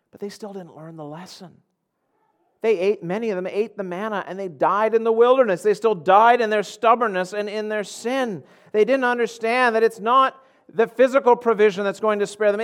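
Male pastor, higher-pitched voice, earnest sermon delivery that swings between hushed and emphatic. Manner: earnest preaching, shifting between soft low passages and raised emphatic ones.

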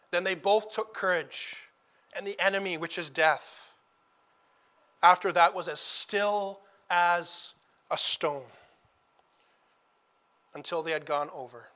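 A high, bright male voice preaching a sermon with earnest conviction. He moves between quiet, intimate storytelling and loud, emphatic declarations, repeating phrases for weight. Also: steady tone, unhurried, long pauses.

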